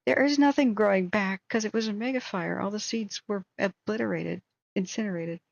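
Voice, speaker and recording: A woman with a hoarse, mid-range voice hosts a livestream tracking wildfires, talking a little fast as she vents in indignant, exasperated commentary. The recording sounds dull and lo-fi, dry and close, with no room echo.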